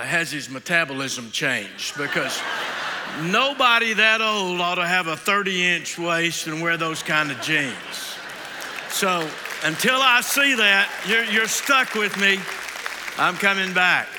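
A middle-aged man preaching a sermon in a large church, his voice bright and cutting with a touch of height to it. He talks in a folksy way, tosses in jokes and keeps asking his listeners questions. A long reverb trails behind every phrase. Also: a little high, slight background noise. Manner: folksy, joking asides, asks the audience questions. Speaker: guest preacher.

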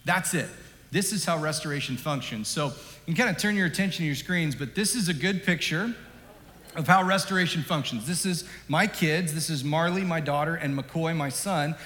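Conversational pastor in a reverberant hall. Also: male voice, on the high side, normal speed. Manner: conversational, jokey, animated storytelling. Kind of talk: sermon. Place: church sanctuary.

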